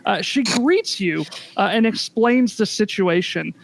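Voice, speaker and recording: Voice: mid-range voice, animated, a little slow, creaky. A game master narrating a tabletop game, hesitant and full of fillers and restarts.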